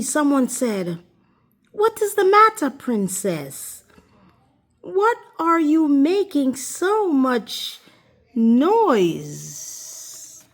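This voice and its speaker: A woman reading a children's fairy tale aloud in an expressive, sing-song way, as the host of a storytime channel. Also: a little high.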